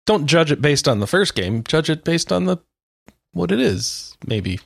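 Lively joking man reading out game news. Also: fairly high pitch, moderate pace, vocal fry, no echo, studio quality. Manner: joking, leads the topic list. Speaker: podcast co-host. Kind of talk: casual gaming news chat.

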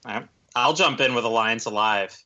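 A man on a podcast panel, telling an animated story about his game. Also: medium pitch, moderate pace. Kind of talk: casual chat. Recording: muffled online call audio.

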